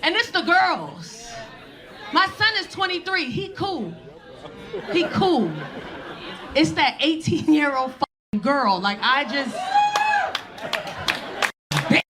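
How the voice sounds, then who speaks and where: Brief: high-pitched woman comedian, brash and profane, live club crowd and chatter behind. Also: expressive, takes it slowly, pauses often. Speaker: stand-up comedian. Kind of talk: stand-up comedy set.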